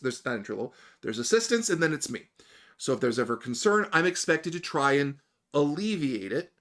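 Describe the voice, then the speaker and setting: A man telling a story on a livestream, lively and often laughing. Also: on the high side. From Canada. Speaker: streamer and library supervisor.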